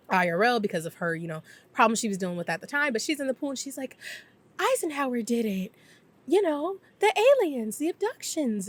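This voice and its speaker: A woman casually recapping a TV episode for her channel, talking freely with lots of filler words. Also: medium pitch. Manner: chatty, filler-heavy, slips into quick impressions. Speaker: YouTube TV reviewer.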